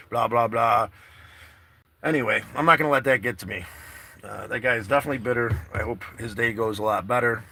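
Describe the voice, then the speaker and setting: This man, a travel vlogger, has a medium-pitched voice with a sharp tone. He's broadcasting live from his car outside, rambling easily and talking straight to his viewers in a casual chat.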